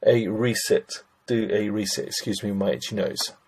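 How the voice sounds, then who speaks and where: In this screen-recorded lesson, a middle-aged man explains German grammar, talking things through aloud as he goes sentence by sentence and greeting listeners as ladies and gents. His fairly low voice is steady and darkish with a breathy edge, at a moderate pace.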